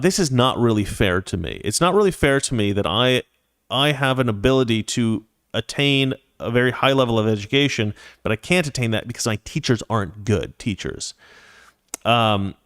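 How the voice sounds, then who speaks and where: A man's voice: medium pitch, no echo, studio quality. Opinionated man hosting a solo talk show. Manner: opinionated, conversational, frequent restarts. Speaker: show host. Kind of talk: solo political commentary, reading viewer messages.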